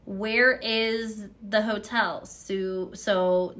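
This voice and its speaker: A woman's voice: mid-range voice, measured pace, fairly bright tone. A woman from the United States hosts a podcast by herself. She talks in a loose, chatty way and drifts between thoughts. She stops now and then to read phrases aloud. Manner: chatty, rambling, reads phrases aloud from a book. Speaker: podcast host. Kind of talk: casual solo podcast talk.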